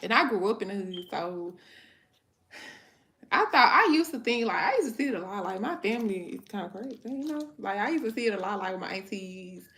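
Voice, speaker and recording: A woman's voice: mid-range voice, lively intonation, a little fast, fairly bright tone. A woman hosting a casual livestream chat, talking frankly in slangy speech and laughing often as she tells her viewers about her life. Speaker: livestream host chatting with viewers; mother.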